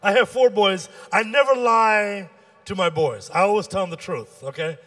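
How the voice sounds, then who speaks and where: A fairly high-pitched man working a stand-up set as the show's emcee. He tells his stories with lots of energy, jumping into different voices to act out each conversation. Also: moderate pace. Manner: animated storytelling, acting out dialogue with shifts in pitch.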